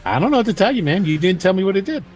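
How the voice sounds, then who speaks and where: A man's voice: high-pitched, big pitch swings, very fast. A man playing a tabletop game, joking and teasing in casual banter. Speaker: player.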